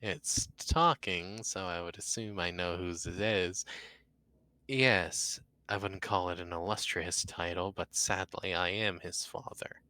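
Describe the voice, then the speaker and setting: A man voicing a calm, dry-humored man with polite, measured speech. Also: low-pitched, dry recording. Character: calm, wry adult man, a martial artist.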